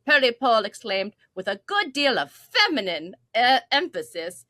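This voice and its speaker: A woman's voice: fairly high pitch, very animated, moderate pace, sharp tone, no echo. A woman voicing a Victorian newspaper reader in a put-on Cockney accent, reading in an over-dramatic, theatrical way. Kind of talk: podcast chat.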